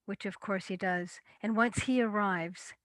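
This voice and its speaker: A woman storyteller telling a folktale in a measured, deliberate way. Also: mid-range voice, fairly even intonation, fairly bright tone, no room sound.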